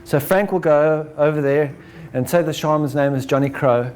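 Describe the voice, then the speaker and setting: Brief: higher-voiced man lecturing a crowd, lively, acts out his examples. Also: moderate pace, a little hiss or hum. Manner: animated, acts out examples, ends points with "right?". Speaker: speaker. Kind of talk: lecture to an audience.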